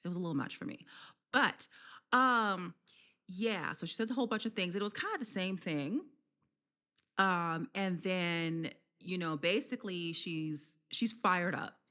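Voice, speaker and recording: Animated, chatty woman recapping wrestling. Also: lowish voice, measured pace. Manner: chatty, laughs often, many fillers and slang. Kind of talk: casual recap chat.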